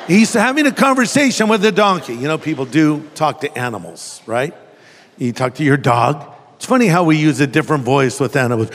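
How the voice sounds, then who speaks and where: A pastor with a high, bright voice preaches to a congregation. He jokes and acts out the voices as he tells the story. His words ring out with a long reverb through a big hall. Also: animated, a little fast. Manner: humorous storytelling, acting out voices. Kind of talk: sermon.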